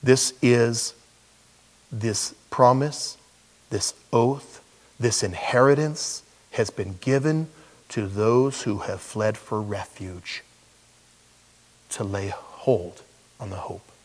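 A man's voice: medium pitch, takes it slowly, pauses often, big-room sound. An older man, a pastor and grandfather, preaching a sermon in a conversational, folksy way with asides.

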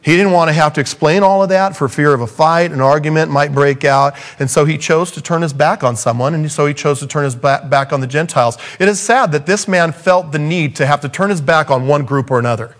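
Preaching a sermon fairly quickly with few pauses, a man acts out the scripture quotes, climbing in pitch for emphasis and sinking low for the key points.

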